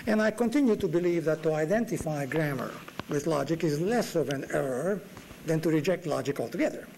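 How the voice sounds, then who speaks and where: A man's voice: on the high side, lively intonation, brisk, creaky, darkish tone, a little hiss or hum, poor audio. A man giving a classroom lecture as guest lecturer in a university lecture room, with dry wit and emphatic rises.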